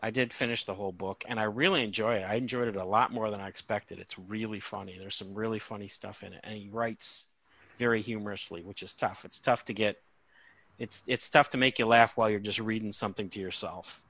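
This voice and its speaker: A man's voice: fairly low pitch, steady tone, a little fast, a bit bright, dry recording. A man co-hosting a podcast, telling a story in a rambling, amused way with many restarts. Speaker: podcast co-host. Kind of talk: casual chat.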